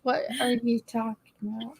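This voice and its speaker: A woman's voice: a little high, flat delivery, moderate pace, a little mellow, slight background noise, rough recording. A woman chatting as a guest on a live stream over a video call, playful and teasing. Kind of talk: casual chat on a live stream.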